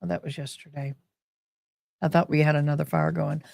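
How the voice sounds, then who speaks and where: A woman's voice: low voice, level tone, brisk, gravelly, a little mellow, no room sound, studio quality. A woman hosting a live stream in a rambling, chatty way. She is short of breath and breaks off to sigh and cough. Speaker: livestream host. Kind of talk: casual live-stream chat.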